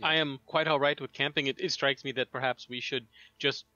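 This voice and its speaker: Man, tabletop player, bright tense voice, formal wordy phrasing, muffled lo-fi mic. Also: medium pitch, fairly even intonation, brisk, dry recording.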